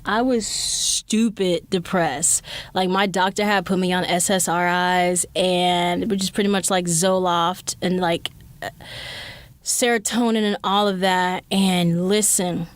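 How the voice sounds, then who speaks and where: A woman's voice: mid-range voice, no echo. Blunt, candid woman podcaster. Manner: blunt, profane, animated storytelling. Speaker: podcast host. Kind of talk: candid solo podcast monologue.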